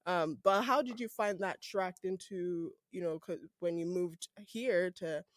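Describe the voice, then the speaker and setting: A man from Nigeria hosting a casual interview podcast, playful and quick to laugh as he asks questions. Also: sits high, no echo, studio quality. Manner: laughs often, animated and playful. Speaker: podcast host.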